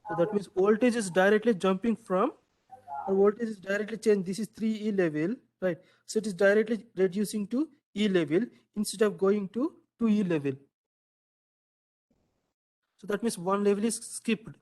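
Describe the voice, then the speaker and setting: A man's voice: high voice, moderate pace, a little mellow. A man teaching a classroom lecture, quizzing students, repeating their answers and asking "right?" again and again.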